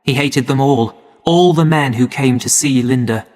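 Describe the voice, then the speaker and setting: A man narrating a story for English learners in a slow, clear and measured way. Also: medium pitch, darkish tone. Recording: long hall reverb.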